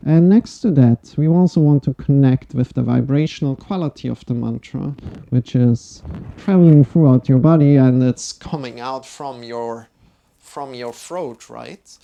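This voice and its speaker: A male yoga teacher leading a live-streamed class at a very slow pace, warmly greeting viewers by name. His voice is dark and mellow with a gravelly edge. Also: medium pitch. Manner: unhurried, reads chat aloud and greets viewers by name. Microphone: streaming microphone.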